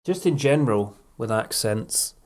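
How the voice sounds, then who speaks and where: A man's voice: mid-range voice, expressive, unhurried, a little hiss or hum. A man from Suffolk, England, chatting casually and wryly on a live stream in a rambling manner. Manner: rambling, wry. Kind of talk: casual chat.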